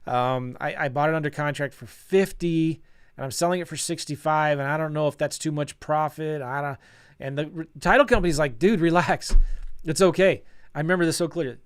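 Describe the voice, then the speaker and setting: A middle-aged man talking casually as a real estate coach, telling a story and acting out old conversations with a self-deprecating, animated manner. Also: a little high, brisk, smooth. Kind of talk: casual storytelling to an online audience.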